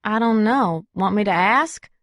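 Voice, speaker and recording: A woman voicing an earnest, tactful young heroine in an audiobook, speaking a little brighter than her narration. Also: mid-range voice, lively intonation, measured pace, dry recording, studio quality.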